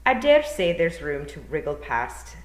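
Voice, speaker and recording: A woman voicing a tiny, shrewd, dying old pixie clan mother who speaks slowly and weakly in a put-on Scottish accent. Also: low-pitched, sing-song. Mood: wry. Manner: slow, weak, murmuring. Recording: roomy echo.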